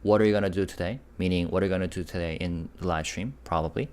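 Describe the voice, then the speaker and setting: Man, very low voice, Korean teacher, live online lesson, upbeat, patient, spells out syllables. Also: fairly even intonation, very fast, darkish tone.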